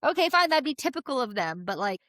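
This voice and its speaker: Young woman, podcast co-host, high bright pitch, dry close sound, animated and profane retelling. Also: quick pace, no room sound. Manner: animated retelling, acts out quotes, swears freely. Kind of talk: casual chat.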